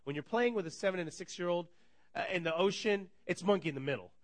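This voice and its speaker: Male pastor, 30s, high animated storyteller, bright voice, acts out dialogue. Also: fast, no room sound. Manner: energetic storytelling, acts out dialogue, laughs often. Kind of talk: sermon.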